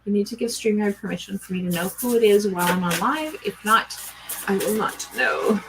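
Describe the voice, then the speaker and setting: A woman's voice: medium pitch, brisk, vocal fry, over music, poor audio. A middle-aged woman doing a live-stream oracle card reading, chatting with viewers and greeting them by name. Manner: chatty, warm greetings to viewers, gushing excitement.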